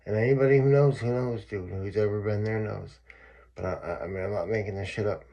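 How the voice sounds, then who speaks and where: A man's voice: lowish voice, fairly even intonation, a little fast, vocal fry, warm tone, highs cut off. A man telling his own story in a casual, profane and emphatic monologue, often repeating himself.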